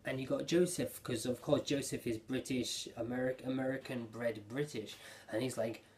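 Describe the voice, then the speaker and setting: A man giving a casual spoken recap of an anime episode, rambling and excitable, with lots of fillers and restarts. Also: mid-range voice, moderate pace, slight background noise. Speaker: anime reviewer.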